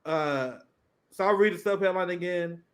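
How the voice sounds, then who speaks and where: Man, 30s, political co-host; sarcastic, profane, high-ish voice. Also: moderate pace. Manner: sardonic, reads headlines and mocks them. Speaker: podcast co-host. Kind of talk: casual political commentary.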